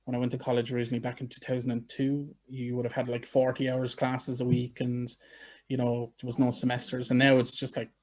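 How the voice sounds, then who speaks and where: A man's voice: medium pitch, completely flat delivery, quick pace, darkish tone. A middle-aged man with an Irish accent, chatting frankly and with self-deprecating humor as a podcast guest. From Ireland. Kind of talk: casual interview chat.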